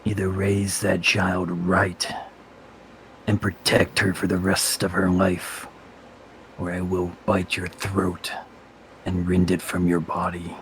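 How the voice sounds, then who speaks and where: A man voicing his adventurer character as he delivers a quiet, grave threat. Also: sits low, completely flat delivery, slow pace, slight background noise, voice pushed down, full character voice, poor audio. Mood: menacing. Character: menacing male adventurer threatening a noble.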